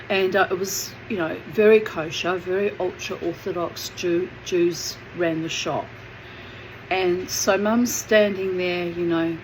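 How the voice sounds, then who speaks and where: A woman's voice: on the low side, slight background noise, poor audio. A woman telling a family memory in a chatty, digressive way with plenty of fillers. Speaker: memoir narrator. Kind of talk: casual storytelling.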